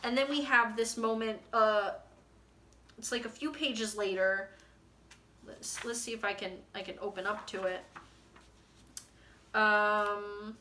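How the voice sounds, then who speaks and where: Young woman book vlogger, gushing and rambly. Bright, slightly high voice in an echoey room. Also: slow pace, pauses often. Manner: gushing, rambling, with many likes and ums. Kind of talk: casual book chat reading passages aloud.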